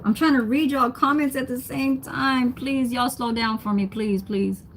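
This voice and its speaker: A woman's voice: high voice, fairly even intonation, moderate pace, background noise. Chatty young woman streaming while cooking. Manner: chatty, laughs often, reads comments aloud. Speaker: livestream host. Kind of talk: casual livestream chat while cooking. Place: home kitchen.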